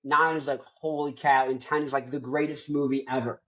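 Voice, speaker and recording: Young man, host, casual rant, rambling, animated, lots of fillers. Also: mid-range voice, moderate pace.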